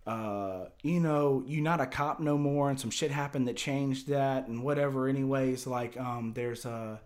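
A man telling a wild story in casual talk, rambling and profane with lots of fillers and restarts. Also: a little slow. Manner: drops low and quiet for tense parts, gets loud and high for excited quotes. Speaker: storyteller guest.

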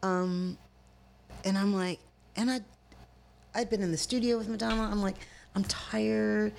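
A middle-aged American woman telling a story in casual chat, animated and profane, acting out the voices of people she quotes. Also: medium pitch, moderate pace, vocal fry, slight background noise.

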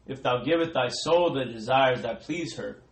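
A man reading scripture aloud in a steady, formal way. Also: medium pitch, normal speed. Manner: steady, formal reading of old-style verse. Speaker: scripture reader. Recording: echoey room, voice off-mic.

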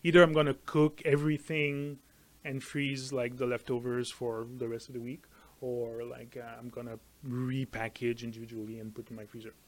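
A man's voice: mid-range voice, level tone, moderate pace. A man chatting casually as co-host, hesitant and full of fillers. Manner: hesitant, many fillers and restarts. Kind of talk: casual chat.

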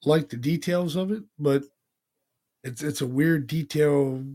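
A man co-hosting a podcast, telling stories in casual chat, animated, with slang and swearing. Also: a little high, measured pace. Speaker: podcast co-host.

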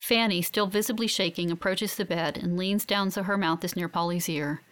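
A woman giving steady, reflective first-person audiobook narration. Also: on the low side, moderate pace, smooth.

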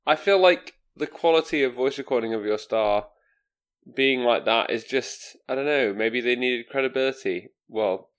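A man in casual podcast chat who often starts in a halting way and teases the others mockingly. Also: mid-range voice, fairly bright tone.

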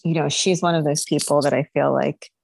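A woman with a low voice co-hosts a podcast, chatting casually and often laughing. She hedges with fillers as she gives her opinions. The recording is dry and close. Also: fairly even intonation, fairly quick, gravelly, a little mellow, slightly rough, no echo. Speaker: podcast co-host, lawyer. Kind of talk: casual chat reviewing TV.

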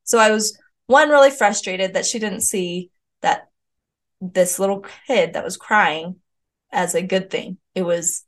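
A woman's voice: mid-range voice, unhurried. Female parenting host, earnest and candid, talking through a personal story in a conversational way. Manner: earnest, candid, with frequent ums and restarts.

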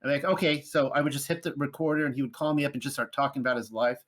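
A man hosting an interview podcast, telling stories in a rambling, animated way with lots of fillers. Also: mid-range voice, very fast. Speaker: podcast host. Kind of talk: casual conversational interview.

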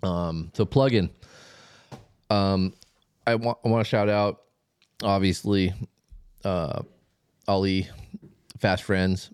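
A man co-hosting a podcast in casual chat, laid-back, chiming in with quick agreements and jokes. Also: sits low, fairly even intonation, a little mellow, smooth, no room sound. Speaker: podcast co-host.

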